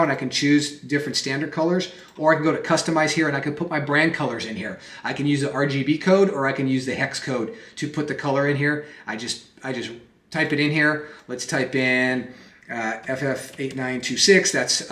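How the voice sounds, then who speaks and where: A man's voice: a little high, fairly bright tone. Casual man teaching with echoey room sound. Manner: conversational, repeats and restarts phrases, lots of "okay?" and "right?" checks. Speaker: presentation software instructor. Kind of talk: casual screen-recorded tutorial.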